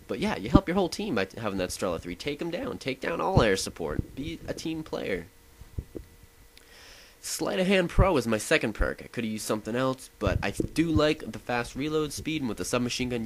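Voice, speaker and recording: Over his own gameplay, a young man with a mid-range voice offers casual, rambling commentary, often breaking off and restarting sentences out of enthusiasm. He's a gaming video host, and the audio is poor, with slight background noise.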